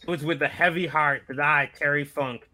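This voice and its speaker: A man doing an impression of a retiring veteran wrestler in a wheelchair, giving a gruff farewell speech. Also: a little high, fairly even intonation, moderate pace, pushed and bright. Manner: gruff speech-style delivery, compared to Shrek.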